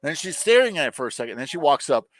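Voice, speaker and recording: Podcast co-host, male, exasperated and foul-mouthed, very lively pitch. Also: rapid-fire, dry recording. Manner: profane, exasperated retelling with lots of fillers. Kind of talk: casual review chat.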